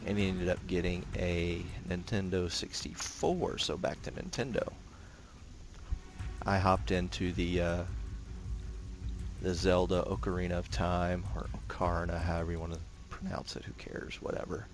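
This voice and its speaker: A man giving casual commentary while playing a naval combat game, talking in a relaxed, rambling way with many fillers and restarts. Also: deep voice, a little slow, faint music behind. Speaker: gameplay commentator.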